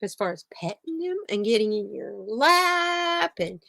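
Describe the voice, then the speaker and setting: A chatty woman with a high voice talks slowly and rambles through a casual stream at home, laughing as she goes. The sound is close and dry. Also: big pitch swings, creaky, bright, forceful tone, dry recording. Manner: rambling, chatty, laughs often, coos at her cats. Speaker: channel host. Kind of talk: casual chat on a live stream. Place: home room with a heater.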